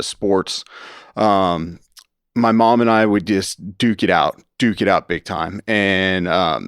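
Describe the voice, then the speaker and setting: A man's voice: low voice, clean tone, dry recording. A man from Houston, Texas, telling his personal story as a podcast guest in a studio. He rambles with plenty of "like" and "right?" and acts out the voices of the people in his story. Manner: acts out quoted dialogue with shifts in tone.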